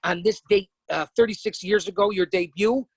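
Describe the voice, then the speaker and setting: A man's voice: high voice, normal speed, slightly rough, no room sound, poor audio. A man hosting a podcast, asking questions in a hyped-up, theatrical way. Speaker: podcast host, interviewer. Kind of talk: casual podcast interview.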